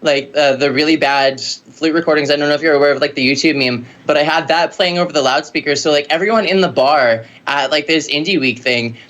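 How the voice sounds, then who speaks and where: A woman musician telling stories in a casual interview, rambling and lively with lots of filler words. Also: low voice, a little fast, hardly any pauses. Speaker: musician guest.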